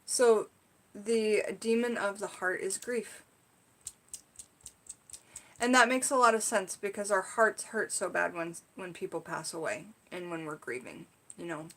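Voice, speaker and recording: A woman's voice: medium pitch, unhurried, a bit bright. A woman talks casually on a live stream, teaching about spiritual topics. Her speech wanders, full of fillers like "like" and "you know", as she tells stories and asks her viewers to guess. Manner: chatty, rambling, frequent "like" and "you know". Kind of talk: casual livestream teaching and storytelling.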